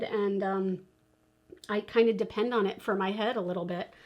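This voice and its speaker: A young woman chatting through a long story while doing her makeup, animated and laughing now and then. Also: medium pitch, normal speed. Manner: animated storyteller, acts out quoted voices, laughs often. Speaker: beauty vlogger.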